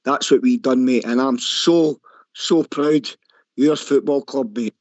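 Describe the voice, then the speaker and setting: Matey Scottish caller on a dull line. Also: male voice, medium pitch, unhurried, darkish tone, no room sound. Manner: matey, repeats "mate", passionate. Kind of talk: casual football phone-in chat.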